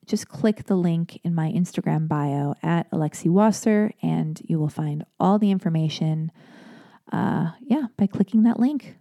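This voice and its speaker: Chatty woman with a mellow voice. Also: on the low side, gravelly, dry recording. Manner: chatty, rambling, animated asides. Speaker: podcast host. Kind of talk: casual solo podcast talk.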